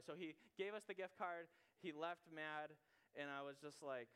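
A young man in his twenties preaches in a relaxed, conversational way, slipping into the voices of the people in his story. His voice sits a bit high and sounds smooth and clean. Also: normal speed. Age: 20s. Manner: chatty, says "like" a lot, acts out dialogue. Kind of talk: casual storytelling sermon.

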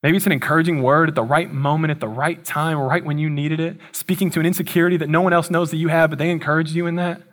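A man, a pastor preaching a sermon, telling scripture stories in a relaxed, slangy, conversational way. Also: fairly high pitch, fast talker, few pauses. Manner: casual storytelling with slangy asides.

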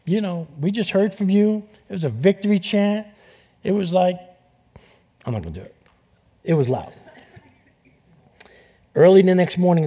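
A man's voice: on the high side, dark tone. A man with a New York accent preaching a sermon with passion, repeating phrases for emphasis. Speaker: pastor.

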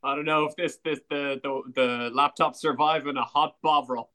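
A man co-hosting a casual podcast with friends. His voice is bright and sharp and pitched a little high. He teases, swears casually, and laughs often. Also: steady tone, normal speed. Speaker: podcast co-host. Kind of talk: casual banter.

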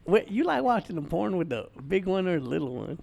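A man's voice: high-pitched, sing-song, fairly quick, creaky, darkish tone. A man co-hosting a casual comedy podcast, cracking crude jokes and giggling. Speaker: podcast co-host.

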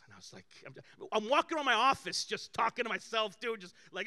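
A male pastor giving a conversational sermon, telling personal stories with animated swings between loud bursts and hushed asides. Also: sits high, quick pace, hardly any pauses.

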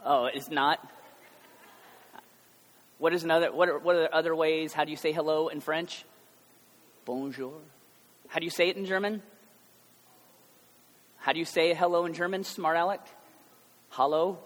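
An American man in his thirties delivers a sermon in a slightly higher voice, chatty and quick with joking asides. He builds to emphatic, passionate points. The sound rings with the long reverb of a large hall. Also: fairly bright tone. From United States. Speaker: pastor.

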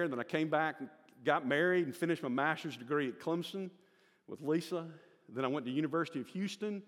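A man's voice: fairly high pitch, in a large hall. Older Southern man telling his testimony. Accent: Southern American. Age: 60s. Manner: folksy storyteller, acts out the voices in his stories. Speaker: church member giving his testimony. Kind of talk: personal church testimony.

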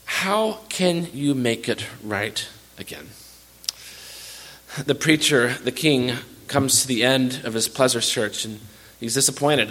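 A man's voice: medium pitch, unhurried, a bit bright. A man preaching a sermon as pastor, earnest and direct, often repeating words as he restarts a phrase.

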